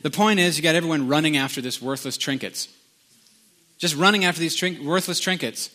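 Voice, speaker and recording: Southern preacher guy, middle-aged, bright ringing voice, chatty sermon w/ bits of singing. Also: on the high side, a little fast. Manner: conversational storytelling with sung snippets. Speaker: pastor.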